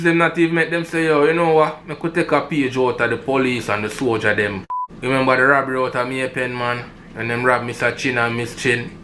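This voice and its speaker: A man's voice: on the high side, bright, forceful tone, slight background noise. A man with a Jamaican accent, giving heated commentary in patois and repeating himself for emphasis. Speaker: commentator reacting to robbery footage.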